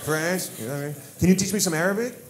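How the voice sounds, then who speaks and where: A man from Maryland doing stand-up crowd work on a club stage, teasing an audience member with loud, profane banter. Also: on the high side, racing, heavy background noise. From United States (Maryland). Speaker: stand-up comedian.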